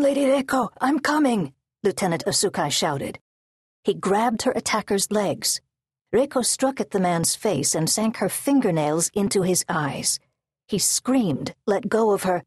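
A woman with a husky, low voice narrates an audiobook from a script, telling the story in a measured, steady way. It is recorded on a close studio mic with studio quality and no room sound.

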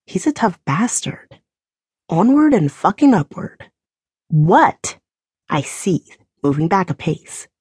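A woman narrating a first-person romance audiobook with an emotional, animated reading. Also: fairly low pitch, breathy edge, no echo, clean studio sound.

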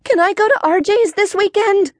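A woman's voice: slow, dry recording. A woman voicing an eager, spunky nine-year-old girl detective in a children's audiobook. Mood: excited. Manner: excited and eager, high squealing lines.

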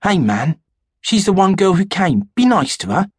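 A man voicing an easygoing, loyal teenage boy with a husky voice. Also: high voice, very animated, moderate pace, dry recording, clean studio sound, voice pushed up, full character voice. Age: teens. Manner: casual, reassuring.

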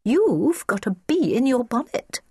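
Prim, hushed little girl, earnest and helpful, a woman voicing her, storybook reading, dry close sound. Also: fairly high pitch, very animated, unhurried, slightly rough, dry recording, pitched above the performer's own voice, exaggerated voice.

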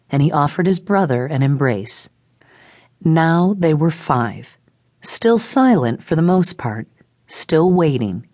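Low-voiced woman audiobook narrator. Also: a little mellow, no room sound, studio quality. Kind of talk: scripted narration.

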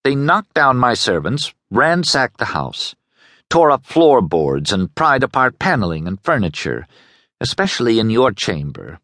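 A man's voice: mid-range voice, big pitch swings, measured pace, fairly bright tone, no room sound, clean studio sound, voice pushed up. A man voicing a determined young noblewoman in an audiobook, urgent and pleading. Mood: indignant. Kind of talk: audiobook character voice.

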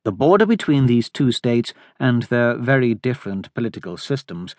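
A man narrating an audiobook in measured, steady storytelling in a recording studio. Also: medium pitch, dry recording. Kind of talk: scripted narration. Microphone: close studio mic.

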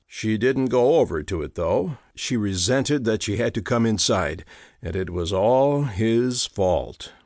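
Expressive male audiobook narrator. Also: fairly low pitch, no echo, clean studio sound. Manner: expressive storytelling. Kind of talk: scripted narration. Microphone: close studio mic.

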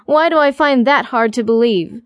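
A woman's voice: a little high, moderate pace, clear, resonant tone, no echo, highs cut off, lightly acted. A woman playing a sarcastic young heroine. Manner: sarcastic, exasperated.

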